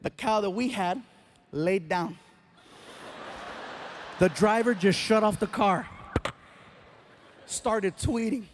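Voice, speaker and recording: A man doing stand-up before a live audience, telling an animated story and acting out the scenes. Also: high-pitched, slow, long pauses, background noise. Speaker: stand-up comedian. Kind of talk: stand-up routine.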